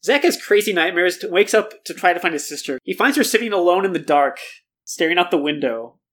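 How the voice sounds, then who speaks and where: Fast-talking podcast host retelling a story. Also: male voice, sits high. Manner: animated storytelling, acts out characters' lines. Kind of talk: casual chat, retelling a book plot.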